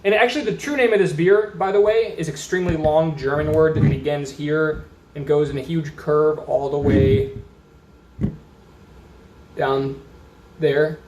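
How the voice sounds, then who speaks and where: A man's voice: a little high, fairly even intonation, unhurried, long pauses, background noise. A man from Austin, Texas, chatting casually through a beer review at a table, rambling and reading labels aloud. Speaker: beer reviewer, channel host. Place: indoors at a table. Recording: roomy echo.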